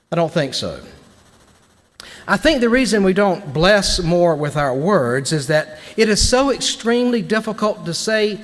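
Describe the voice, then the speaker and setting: A man giving a sermon-style devotional to lawmakers, dramatic, swinging between loud bursts and hushed lines, at a podium microphone in a large chamber. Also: fairly high pitch. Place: large legislative chamber, indoors. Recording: long reverb of a large hall.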